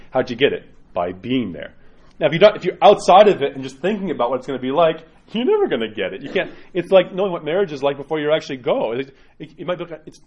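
A man preaches as an Orthodox priest in an informal, conversational way, often checking in with his listeners. His voice sits at a middle pitch. The recording sounds a little dull and muffled. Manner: conversational and direct, many tag questions, acts out quoted parishioners. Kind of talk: informal homily to a congregation.

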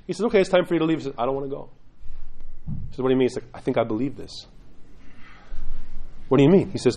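A middle-aged man giving a lively, conversational church talk, acting out quotes in different voices. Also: medium pitch, poor audio. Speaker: church teacher. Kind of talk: sermon-style class talk.

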